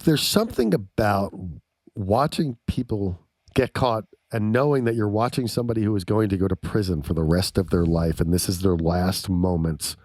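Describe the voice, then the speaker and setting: A man co-hosting a casual podcast chat, animated and swearing freely as he jumps between topics. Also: fairly low pitch, moderate pace, no echo. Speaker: podcast co-host.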